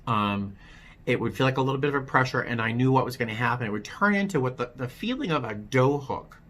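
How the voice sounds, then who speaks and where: A man with a bright, forward tone and an ordinary middle pitch tells his own story in a personal testimony vlog. He speaks candidly, with a wry edge, and often stops to restart his sentences. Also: animated. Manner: halting, with frequent restarts. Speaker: vlogger telling his recovery story.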